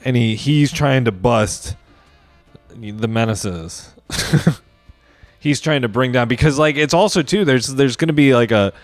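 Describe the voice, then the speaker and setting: Soft background music sits under a dry recording of a man at a measured pace, his voice mid-range. Alone on his comedy podcast, he improvises a movie plot aloud in a rambling, profane, casually comedic way.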